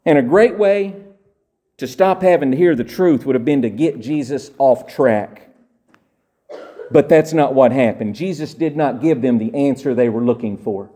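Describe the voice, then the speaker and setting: A man, a pastor, preaching a sermon to a church with emphatic swings from loud exclamations to quiet asides. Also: medium pitch, moderate pace.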